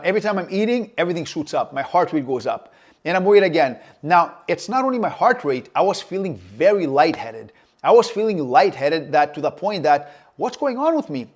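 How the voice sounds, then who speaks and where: A man telling a personal story to camera, in an anxious, vivid way with fillers and repeated phrases. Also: a little high. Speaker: vlogger.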